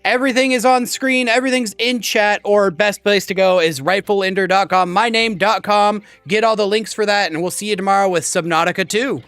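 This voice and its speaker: A man's voice: high-pitched, fairly even intonation, brisk, few pauses, fairly bright tone, no room sound, faint music behind. A man in his thirties chatting casually with viewers while streaming a game, rambling and friendly. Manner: chatty, rambling, talks to chat. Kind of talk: casual live-stream chat.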